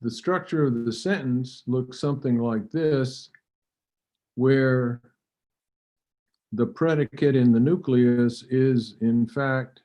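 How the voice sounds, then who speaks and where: A man giving an academic lecture, measured and halting, with fillers and occasional throat clearing. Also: medium pitch, warm tone. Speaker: linguistics lecturer. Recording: dull lo-fi recording.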